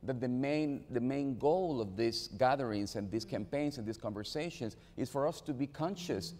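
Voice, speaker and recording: A man with a mellow, relaxed tone tells a story to a panel audience. His words come haltingly, full of repeated starts. A long hall reverb trails behind him. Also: mid-range voice. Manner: halting, with many repeated restarts. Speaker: panel speaker. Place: event venue on stage.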